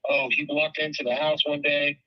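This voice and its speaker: A man's voice: on the high side, completely flat delivery, normal speed, highs cut off. A man in casual conversation, recounting events in a rambling way, repeating words and swearing often. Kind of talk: casual phone chat.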